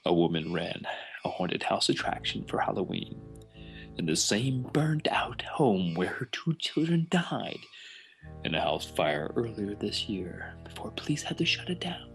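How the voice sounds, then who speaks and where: A man putting on a deep dramatic newsman voice. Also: sing-song, measured pace, creaky, fairly bright tone, soft background music, heavily acted, low-quality recording. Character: deep dramatic male news announcer. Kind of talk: comedy podcast bit.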